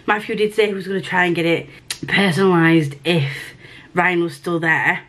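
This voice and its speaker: A woman book vlogger chatting casually through a mail unboxing, gushing and excitable, with casual swearing. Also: on the low side, normal speed. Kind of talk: casual unboxing and reading vlog.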